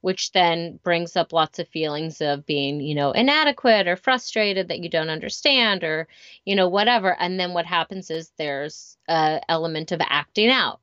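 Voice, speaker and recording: A woman's voice: on the low side, a bit bright, clean tone, no echo. A woman, a parent and teacher, chatting candidly in a casual conversation and telling stories about home and work. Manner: candid, storytelling, chatty with fillers. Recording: slightly dull lo-fi sound.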